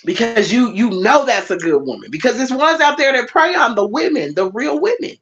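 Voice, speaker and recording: A woman's voice: fairly high pitch, very animated, normal speed, fairly bright tone. Emphatic woman preaching, lo-fi. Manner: emphatic, repeats phrases, talks directly to the congregation. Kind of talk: sermon.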